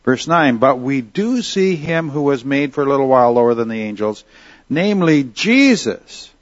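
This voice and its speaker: A man's voice: mid-range voice, fairly quick, dry recording, highs cut off. A man teaching a Bible lesson in a conversational way, asking his listeners questions and reading Scripture aloud. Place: at a desk with Bible and notes on screen.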